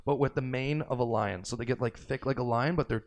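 Male podcast guest, casual and profane, animated storyteller. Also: mid-range voice, fairly quick. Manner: swears freely, excitable and jokey.

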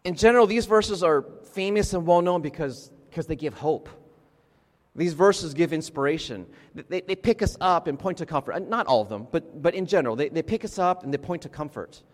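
A man's voice: fairly high pitch, expressive, brisk. A man preaching a sermon in a conversational way, checking in with his congregation and restarting his sentences as he goes. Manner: conversational, frequent restarts and "right?" asides to the congregation. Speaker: pastor. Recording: long reverb of a large hall.

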